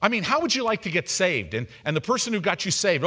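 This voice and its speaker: Lively bright-voiced male preacher. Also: high-pitched, brisk, hardly any pauses, slightly rough. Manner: animated, acts out quoted voices. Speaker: pastor. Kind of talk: sermon.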